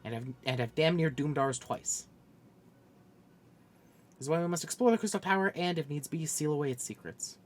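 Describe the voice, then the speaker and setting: A man's voice: a little high, normal speed, pauses often, close to an everyday voice. A man voicing a stern veteran engineer chief, reading game lines aloud on a stream and stumbling into restarts.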